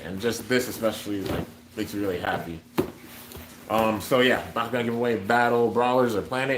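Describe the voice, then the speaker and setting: A man's voice: fairly low pitch, roomy sound, noisy background. A young man hosting a toy giveaway on a livestream, chatty and upbeat as he reads out comments from viewers. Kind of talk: casual livestream chat.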